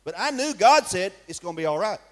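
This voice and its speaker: Man, high-pitched voice, emphatic sermon delivery, rhetorical questions to the congregation. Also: very animated, fast talker. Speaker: pastor. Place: church with a responding congregation.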